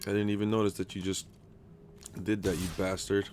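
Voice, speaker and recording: A US gaming streamer with a fairly low voice talks fairly quickly as he plays a live card game, a little hiss or hum behind him. Excitable and foul-mouthed, he casually chats with viewers, using their names.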